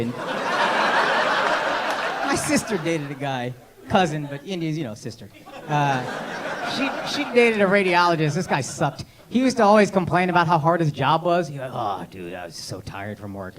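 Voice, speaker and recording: Brash, profane stand-up comedian. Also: male voice, high-pitched. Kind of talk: stand-up crowd work. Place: comedy club stage. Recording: live club recording, crowd and noise. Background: audience laughter.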